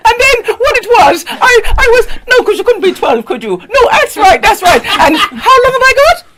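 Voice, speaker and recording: A woman improvising a comic monologue in a mock-dramatic, halting way. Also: very high voice, big pitch swings, heavy background noise. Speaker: improv performer.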